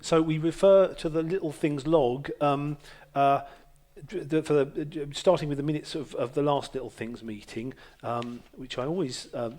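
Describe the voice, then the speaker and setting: A man's voice: medium pitch, a little mellow. A man hosting a casual chat in a basement room, rambling and hesitant with many fillers and restarts, and a wry, self-mocking humour. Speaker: podcast host and musician.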